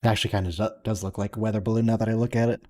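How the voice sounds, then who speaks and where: A man's voice: lowish voice, little pitch movement, very fast, a little mellow. A man hosting a watch-along, chatting casually and thinking aloud as he comments on the episode. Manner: musing, conversational, thinks aloud with restarts.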